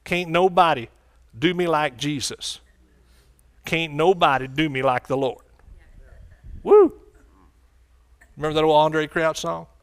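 A fervent male preacher whose voice sits a little higher than most men's. He delivers his sermon with building energy and keeps calling out to the congregation for a response. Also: moderate pace, a bit bright.

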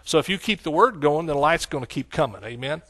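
A middle-aged man with a Texan accent preaching a sermon, exclaiming hallelujah and swinging between loud outbursts and hushed asides. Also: fairly high pitch, animated, a little fast.

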